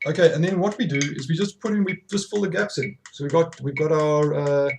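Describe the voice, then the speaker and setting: A man's voice: on the high side, fairly quick, noisy background. A man teaching drumming, counting rhythms aloud and correcting himself as he goes, with many fillers. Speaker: drum tutor. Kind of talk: instructional demonstration.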